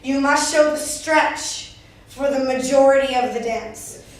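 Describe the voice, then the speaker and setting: Lady dance teacher, high voice, firm about the rules, super echoey room. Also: unhurried. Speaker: dance instructor. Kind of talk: dance class recap. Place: dance studio. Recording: very echoey room, mic far off.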